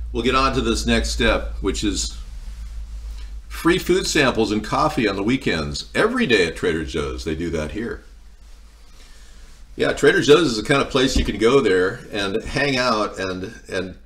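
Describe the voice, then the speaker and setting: A man with a fairly low voice hosts a laid-back cooking livestream. He talks in loose, meandering stories and breaks off now and then to answer his viewers' comments. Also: a bit bright. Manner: rambling, meandering storytelling, answering chat. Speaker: livestream host. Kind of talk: casual live-stream chat while cooking.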